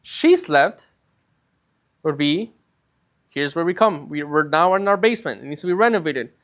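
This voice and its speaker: In a recorded Spanish lesson, a male teacher with a fairly high, fairly bright voice uses big pitch swings. He walks through the material patiently, stretching out key words as he slows down and making sure students keep up.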